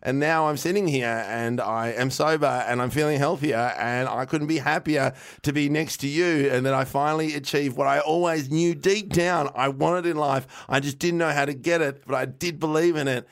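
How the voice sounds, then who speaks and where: A man's voice: on the high side, fairly even intonation, normal speed, few pauses. A man in his thirties co-hosting a podcast, telling heartfelt family stories in a rambling way with many restarts. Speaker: podcast co-host. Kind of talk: casual chat.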